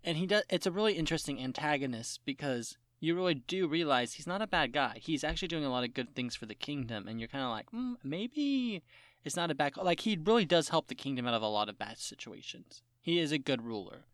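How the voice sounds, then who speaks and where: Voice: medium pitch, fast, hardly any pauses, dry recording, studio quality. A podcast co-host in casual chat, ranting with lots of swearing and mock-quoting characters in exaggerated voices. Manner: animated ranting with profanity and mock quotes.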